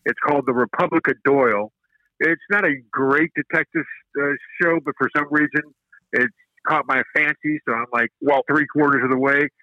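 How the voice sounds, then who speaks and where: A man hosting a casual hockey show, asking relaxed conversational questions. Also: fairly high pitch, moderate pace, dry recording, dull audio. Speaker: radio host. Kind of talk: casual sports chat.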